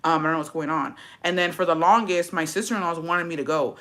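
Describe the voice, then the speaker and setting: Brassy woman vlogger, bright edgy voice, swears freely, playful attitude toward her besties. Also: on the low side, fast. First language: English. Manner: brash, profane, sassy, talks to viewers as besties. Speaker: vlogger reacting to a story. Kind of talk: casual storytime chat.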